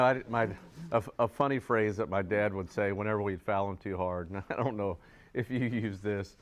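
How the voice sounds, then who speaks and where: A man therapist co-teaching a couples workshop at a church, telling stories in a halting, laughing way. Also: fairly low pitch. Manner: storytelling, halting with restarts and little laughs. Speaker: marriage and family therapist co-teaching a couples class. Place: church hall.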